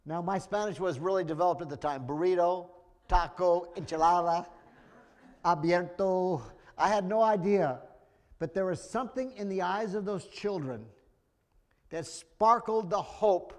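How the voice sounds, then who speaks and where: A middle-aged man preaching a sermon, earnest and emotional, often restarting his sentences. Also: sits high.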